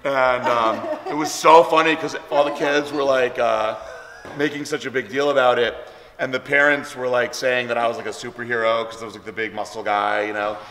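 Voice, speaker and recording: Fairly quick and sharp, this man's medium-pitched voice keeps a mostly even tone as he hosts a vlog. His storytelling is loose and rambling, heavy on ums and likes, recorded in a room with long, echoing reverb.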